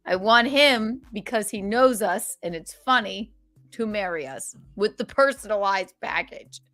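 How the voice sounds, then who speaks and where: A woman hosting a comedy podcast, chatting in casual banter with mock indignation and quick acted-out quotes. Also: mid-range voice, a bit bright, soft background music.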